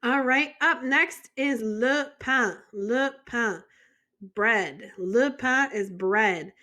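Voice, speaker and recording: A woman's voice: on the high side, drawn-out words, bright, forceful tone. An American woman teaching a French vocabulary lesson in a chatty way, joking and asking the viewer questions. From United States.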